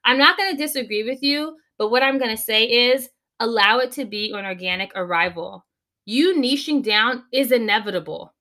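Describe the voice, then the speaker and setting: A woman coach talking as a podcast guest, giving advice in an animated way and slowing down to stress her points. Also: on the high side. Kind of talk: podcast interview, conversational advice.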